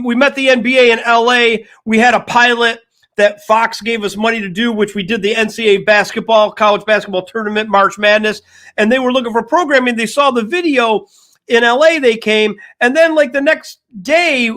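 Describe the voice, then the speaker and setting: An older man co-hosting a casual sports talk show, telling an animated story and acting out the dialogue. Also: very high-pitched. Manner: animated, acts out quoted dialogue. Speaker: co-host.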